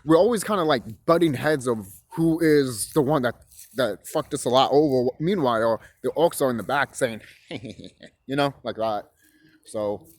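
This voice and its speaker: Out on a cold hillside, a young man vlogging talks in a loose, meandering way, cursing emphatically and starting over mid-thought. He shivers a little in the chill. His voice is mid-range with a darkish tone.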